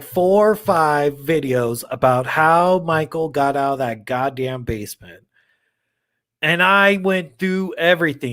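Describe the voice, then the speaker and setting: A man hosting a horror movie livestream, chatting casually with viewers in a rambling, excitable way and swearing now and then. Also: on the high side. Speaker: horror channel livestream host.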